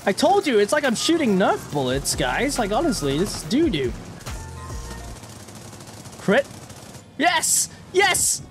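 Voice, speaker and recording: A young man livestreams a combat flight game in a high, bouncy voice that leaps around in pitch. He jokes with viewers and moves quickly from mock calm to frantic yelling. Faint game music runs softly behind him. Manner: animated, jokey, quick swings between mock calm and yelling. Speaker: gaming streamer. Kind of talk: live gameplay commentary.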